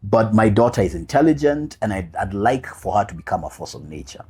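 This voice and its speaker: Husky-voiced man telling a heartfelt story. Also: fairly low pitch, sing-song, brisk, mellow. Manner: heartfelt, repeats key phrases for emphasis; casual slang mixed with earnest reflection. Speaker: podcast guest, single father. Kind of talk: personal storytelling in a podcast interview.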